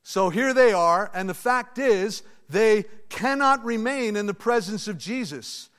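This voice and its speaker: Male pastor, high voice, chatty animated preaching, big reverberant church. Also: measured pace. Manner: animated, conversational preaching with asides to the congregation. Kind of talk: sermon. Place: church sanctuary. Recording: long reverb of a large hall.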